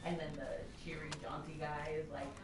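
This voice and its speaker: A woman's voice: low voice, little pitch movement, moderate pace. A woman casually retelling a story to her friends, rambling, swearing freely and laughing as she goes. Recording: roomy, distant and noisy.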